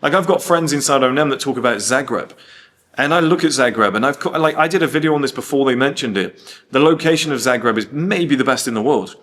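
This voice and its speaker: Here a man from the United Kingdom hosts a relaxed monologue at a fast clip, his medium-pitched voice a bit bright. He's blunt and swears freely, narrating stories loaded with quoted lines.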